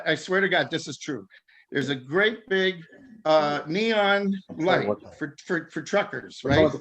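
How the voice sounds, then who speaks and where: A rambling, stammering comic man from Southern California, riffing over a video call. His voice sits fairly high and he keeps breaking into laughter at his own jokes. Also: fairly bright tone. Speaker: stand-up comic.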